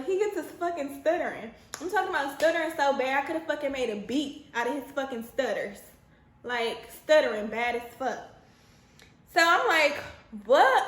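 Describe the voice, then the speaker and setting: A young woman telling a story in a casual, animated way, swearing freely and sounding exasperated. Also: high voice. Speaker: storytime vlogger. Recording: echoey room.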